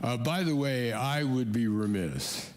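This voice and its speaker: An older man emcees an expo in a church hall and tells light jokes. He talks slowly, with fillers and restarts. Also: mid-range voice, lively intonation, a little hiss or hum. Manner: joking, halting with fillers and restarts. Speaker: event host with Parkinson's. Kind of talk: casual stage emcee talk.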